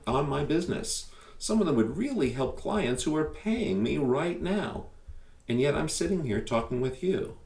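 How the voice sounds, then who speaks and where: Gravelly-voiced man talking to listeners. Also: medium pitch, a little mellow, recorded from a distance. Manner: emphatic, conversational, rhetorical questions. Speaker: podcast host. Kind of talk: direct-to-listener podcast monologue. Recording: echoey room, a bit off mic.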